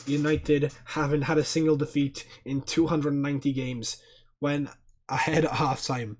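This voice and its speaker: A man doing sweary watchalong host, loose chat that flares into shouting at the ref. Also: on the high side, normal speed. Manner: excitable, swears a lot, erupts in loud outbursts at fouls; chats to viewers by name, reads chat aloud. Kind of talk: casual live match commentary.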